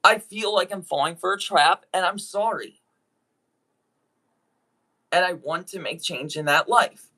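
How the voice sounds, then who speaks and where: Speaking earnestly to his viewers, a YouTube voice actor stumbles through an apology video, restarting sentences as he says sorry. His mid-range voice is bright and forceful.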